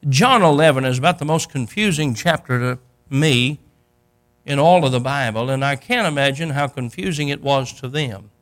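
An older man preaching a sermon, telling a Bible story in a folksy way and acting out the characters, rising to loud peaks. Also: mid-range voice, normal speed.

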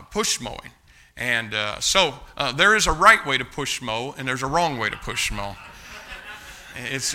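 Older man, folksy yarn-spinner, very bright tense tone, chuckles through it. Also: mid-range voice. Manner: folksy, chuckling, acts out the motions. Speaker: storyteller. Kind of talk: casual spoken storytelling.

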